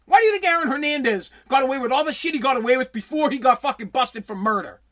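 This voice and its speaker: High-pitched, heated, profane sports ranter. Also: lively intonation, quick pace, fairly bright tone. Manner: heated, profane, blunt, with frequent repeated restarts. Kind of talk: ranting sports commentary, reading viewer comments.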